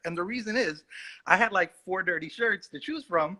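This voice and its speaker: Bright-voiced man telling a rambling story. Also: sits high, normal speed. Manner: animated, self-mocking, rambling anecdotes. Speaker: actor guest. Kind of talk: casual livestream storytelling.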